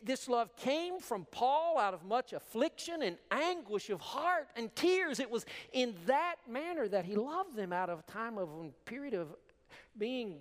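A man preaching a sermon as pastor, emphatic and animated, with repeated words for stress. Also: very high-pitched. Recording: long hall reverb.

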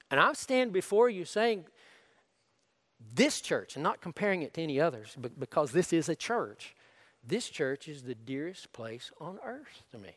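High-pitched and fairly bright in tone, a male pastor gives an earnest, conversational sermon marked by frequent restarts. He speaks in a church sanctuary, recorded with long hall reverb.

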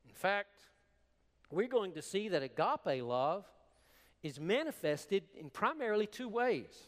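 A man preaching a sermon as pastor, emphatic and animated, with repeated words for stress. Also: high-pitched, unhurried. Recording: long hall reverb.

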